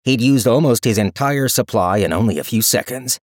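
A man narrating a fantasy audiobook in an expressive, dramatic storytelling style on a close studio mic. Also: mid-range voice, brisk, dry recording. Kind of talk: scripted narration.

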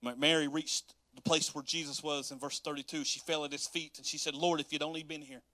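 Male preacher, slightly higher voice, close dry sound, animated delivery with frequent chuckles. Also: fairly quick, no echo. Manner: animated, laughs often, acts out quotes. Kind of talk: sermon reading and explaining scripture.

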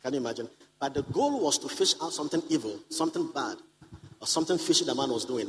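A male preacher at a conference, speaking at a middling pitch. He drives each point home by saying it again and again. He keeps checking that the congregation is with him. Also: animated, quick pace, a bit bright, rough recording. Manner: repeats key lines for emphasis; calls out to the congregation. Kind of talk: sermon to a live congregation. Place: conference hall.

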